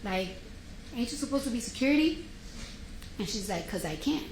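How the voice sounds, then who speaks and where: Animated woman testifying in a roomy courtroom. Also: a little high, moderate pace. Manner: animated storytelling with slangy quoted dialogue. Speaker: trial witness. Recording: roomy courtroom audio with faint noise.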